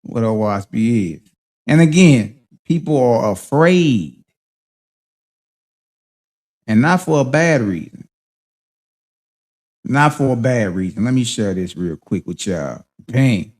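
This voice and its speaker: A man's voice: mid-range voice, animated, slow, long pauses, darkish tone. A man hosting a casual reading and commentary on a religious book, talking in emphatic street slang and checking in with listeners with a rhetorical "huh?". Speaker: host.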